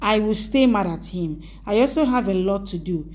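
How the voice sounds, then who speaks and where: A hurt young wife who frets that her husband has stopped caring, voiced by a woman reading a story recap aloud. The tone is mellow and warm, and the lines come out plainly read rather than acted. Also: mid-range voice, lively intonation, moderate pace, natural voice. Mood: upset.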